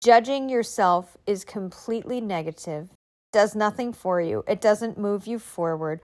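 A woman's voice: medium pitch, unhurried. A woman giving a motivational talk, emphatic and encouraging, often asking rhetorical questions. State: recovering from illness.

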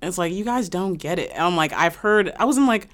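A woman co-hosting a podcast, chatting casually in a laid-back, drawn-out way. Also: on the low side, lively intonation. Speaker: podcast co-host. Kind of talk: casual chat.

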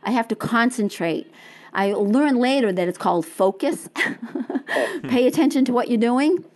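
Lively woman. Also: fairly high pitch, measured pace. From Quincy, Massachusetts. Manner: acts out dialogue, laughs often. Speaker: interview guest, marathon runner. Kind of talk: animated storytelling.

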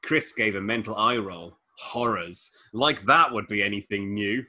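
A man with a husky voice, hosting a comedy podcast and reading a novel aloud in an arch, mock-dramatic way between bursts of banter. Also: lowish voice, moderate pace, bright, forceful tone. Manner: reads in an arch mock-dramatic voice, breaks into laughter.

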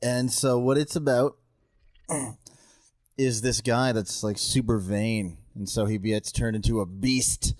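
Male podcast guest, casual and jokey, rambling delivery, mid pitch, dry close-miked sound. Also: fairly even intonation, measured pace, a little mellow, no echo. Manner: joking, rambling, swears casually. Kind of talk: casual chat.

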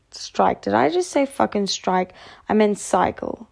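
Tired woman rambling slow to camera, cusses a lot, kinda gravelly. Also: mid-range voice, a little mellow. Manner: rambling, frank, swears often. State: tired from lack of sleep. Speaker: vlogger. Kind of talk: candid personal talk to camera.

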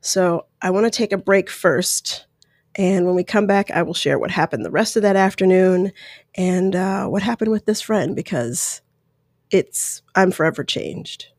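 A woman's voice: lowish voice, unhurried, a little mellow, dry recording. Woman, 30s, podcast host, candid and emotional personal storytelling, close dry mic. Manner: candid, emotional, rambling with restarts. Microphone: close microphone.

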